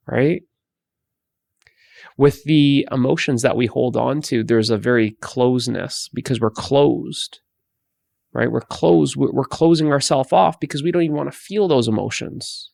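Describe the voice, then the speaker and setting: Guy teaching meditation stuff, gravelly voice, dry close sound, lots of restarts. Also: medium pitch, a little mellow, no echo. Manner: slow, repetitive, with many restarts. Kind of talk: spoken guidance talk.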